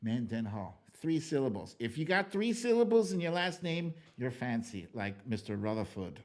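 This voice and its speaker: A man's voice: medium pitch, normal speed. An American man hosting a political livestream, ranting in a casual, profane way and reading viewer comments. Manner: animated, profane, ranting with loud outbursts. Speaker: livestream political show host.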